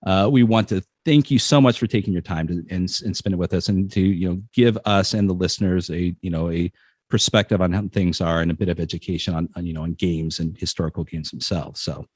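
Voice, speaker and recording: A middle-aged man with a deep, low voice talks in a relaxed podcast chat. A slight lisp touches his s sounds. The recording is dry and close. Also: a little fast, slightly rough, no room sound. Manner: slight lisp from a chipped tooth. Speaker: podcast co-host. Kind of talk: casual chat.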